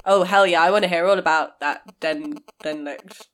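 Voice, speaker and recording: A woman co-hosting a casual podcast in a lowish voice. She reacts with short, playful quips and dry humor. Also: normal speed, a bit bright. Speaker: podcast co-host.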